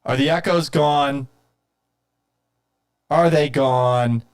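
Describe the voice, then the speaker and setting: A man's voice: mid-range voice, very slow, clear, resonant tone. Man, live-stream sports host, casual talk, exasperated, swears, self-mocking. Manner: reads viewer comments aloud.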